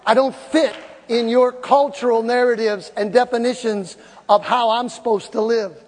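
A woman's voice: on the high side, steady tone, normal speed. Emphatic woman preacher in a reverberant church. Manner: emphatic, exhorting, breaks into loud laughter and shouts. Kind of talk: sermon. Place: church sanctuary with congregation. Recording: long hall reverb with congregation murmur.

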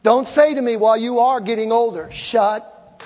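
A woman's voice: fairly high pitch, fast. A woman in her sixties preaching an emphatic, exhorting sermon to her congregation. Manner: emphatic, exhorting, breaks into loud laughter and shouts. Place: church sanctuary with congregation. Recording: long hall reverb with congregation murmur.

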